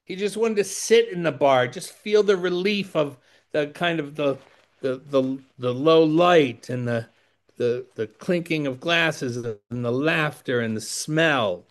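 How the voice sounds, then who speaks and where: A man's voice: a little high, measured pace. A man giving a rambling storytelling talk to a recovery audience, digressive and self-deprecating with wry asides. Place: indoors by a window.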